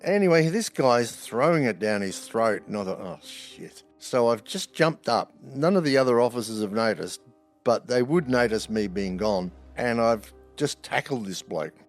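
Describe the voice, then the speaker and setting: A man, a former prison officer, spins stories in a blunt, wry way, swearing freely. His voice sits at a middling pitch. Soft music runs faintly behind him. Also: animated, moderate pace. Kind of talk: anecdotal storytelling.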